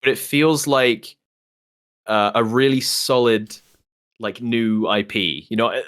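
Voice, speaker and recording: A male podcast co-host talks casually about games. He retells scenes animatedly and slips into acted quotes. His voice sits at a middle pitch. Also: steady tone, takes it slowly, a bit bright. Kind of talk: casual chat.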